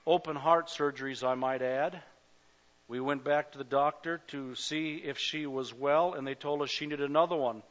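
A pastor preaching a sermon at a church service, passionate, swelling to loud cries and speaking straight to the congregation. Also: male voice, fairly high pitch, steady tone, moderate pace. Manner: addresses the congregation directly. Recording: dull lo-fi recording.

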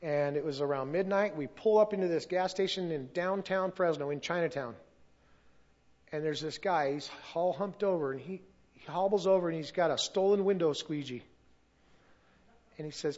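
A man's voice: fairly high pitch, fairly quick, a little mellow, highs cut off. A pastor telling a story in a sermon, acting out the voices of the people he quotes. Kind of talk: testimony sermon.

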